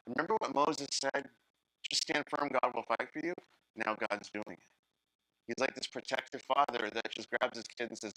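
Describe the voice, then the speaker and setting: A man preaching a sermon as a guest pastor, telling the story in an animated way and acting out the characters' lines while talking straight to the congregation. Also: mid-range voice, normal speed, no echo, poor audio. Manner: animated storytelling, acts out Bible characters in voices; talks to the congregation directly.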